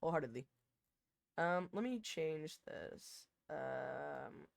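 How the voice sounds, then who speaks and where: A young woman streaming and chatting with her viewers, with a slightly low voice and an unhurried, drawn-out pace. She rambles and keeps cutting herself off mid-sentence. Her desk mic sounds close and dry. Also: no room sound. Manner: rambling, self-interrupting, bursts of loud laughter. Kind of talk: casual chat with chat.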